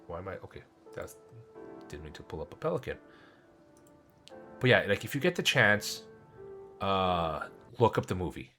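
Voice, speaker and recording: A man's voice: sits low, big pitch swings, moderate pace, pauses often, sharp tone, faint music behind, rough recording. A man streaming a game and chatting casually with viewers, rambling with many restarts. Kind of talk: casual chat while gaming.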